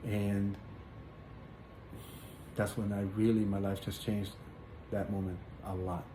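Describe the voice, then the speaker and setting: A man sharing a personal religious testimony in casual spoken storytelling, earnest and halting, with many fillers and repeated words. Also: fairly low pitch, level tone. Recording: echoey room with faint background noise.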